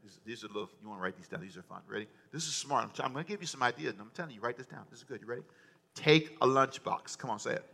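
A man's voice: fairly low pitch, rapid-fire, gravelly, few pauses, pushed and bright, slightly rough. A man preaching a sermon as pastor, conversational and joking, often repeating himself. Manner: conversational, repetitive, humorous asides.

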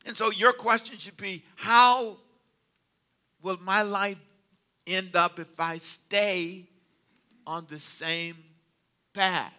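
An older man preaching a sermon, animated and humorous, telling stories with sudden drops to quiet asides. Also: high-pitched, slow, pauses often. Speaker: pastor.

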